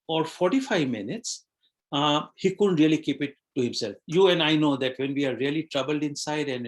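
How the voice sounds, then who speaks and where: A man running a webinar, telling a fable and drawing its lesson in an earnest way, often repeating phrases and speaking to listeners as "you and I". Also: a little high. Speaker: webinar trainer. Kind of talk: motivational talk with storytelling.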